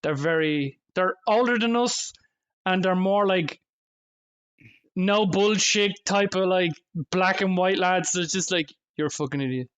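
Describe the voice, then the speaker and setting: A man co-hosting a podcast, telling stories in an animated way, with lots of swearing and acted-out quotes. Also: high voice, slow pace, smooth. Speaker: podcast co-host. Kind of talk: casual chat.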